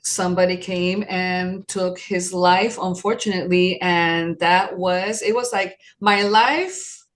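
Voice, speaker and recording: A woman's voice: lowish voice, fairly even intonation, slow pace. A woman around sixty from New York City, sharing her personal story as an interview guest, earnest and reflective.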